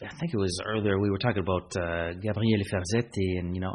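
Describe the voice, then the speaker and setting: A man co-hosting a casual film review podcast, playful and quick to quote lines in mock voices. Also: low-pitched, fairly even intonation, a little mellow, slight background noise. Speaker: podcast co-host.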